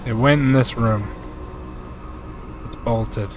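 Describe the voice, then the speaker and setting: A man's voice: medium pitch, slow pace, soft background music. A young man streaming a game, chatting casually with his viewers and reading their messages aloud. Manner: laid-back, chatty, says "bro" a lot. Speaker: gaming streamer. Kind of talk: live gameplay commentary reading chat.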